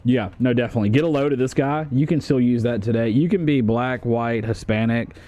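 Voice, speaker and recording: A man's voice: medium pitch, a little fast, warm tone, a little hiss or hum. A young man streaming, chatting casually in a jokey, profane way.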